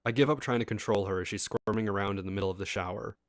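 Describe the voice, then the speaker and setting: A man's voice: fairly low pitch, rapid-fire, dry recording, clean studio sound. A man reading a first-person internet story aloud in a casual style, with asides to his listeners. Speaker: story reader.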